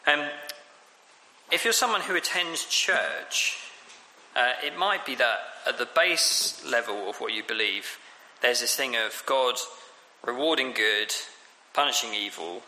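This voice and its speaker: Bright-voiced male preacher in echoey hall. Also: mid-range voice, animated, unhurried. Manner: conversational, many fillers and restarts. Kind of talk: sermon on scripture. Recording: echoey hall with long reverb.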